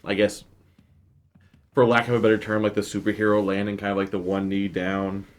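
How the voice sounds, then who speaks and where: Brief: a low-voiced male player, casual and halting. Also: monotone. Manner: halting, searching for words. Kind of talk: casual tabletop game play.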